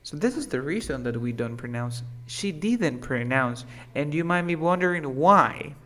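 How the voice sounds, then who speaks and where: A man's voice: a little high, animated, normal speed, pushed and bright. A man who is a native Spanish speaker teaching English pronunciation, patiently repeating words for a student to drill. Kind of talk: one-on-one pronunciation lesson.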